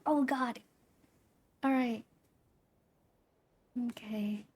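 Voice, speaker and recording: A woman's voice: fairly high pitch, animated, extremely slow, long pauses. A woman streaming a game, chatting casually with frequent giggles and stammering restarts. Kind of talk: casual gameplay commentary.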